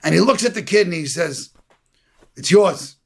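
A man giving a sermon, telling a story and acting out the characters with a gravelly, husky voice. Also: on the high side, fast talker. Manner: animated storytelling, acts out the characters. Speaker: preacher.

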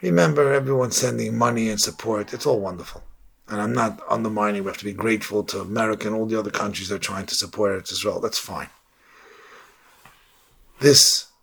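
A man's voice: fairly low pitch, gravelly, sharp tone, slightly rough. A man delivering an inspirational sermon, telling an emotional story and sprinkling in Hebrew and Yiddish terms.

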